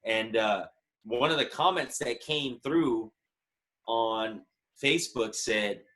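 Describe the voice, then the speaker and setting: A man's voice: medium pitch, slow pace, a bit bright. A man in his thirties, a musician guest telling a story in a casual interview, chatty and earnest. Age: 30s.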